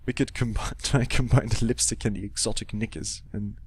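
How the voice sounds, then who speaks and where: A man's voice: lowish voice, fairly even intonation, a little fast, husky. A young man casually commentating a game, joking, swearing and muttering to himself. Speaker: let's play host.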